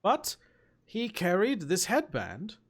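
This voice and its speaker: A man voicing a gentle, refined male ogre who speaks politely and softly. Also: sits high, wildly swooping pitch, slow pace, husky, voice pushed up, heavily acted. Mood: reflective. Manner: polite, genteel, soft-spoken.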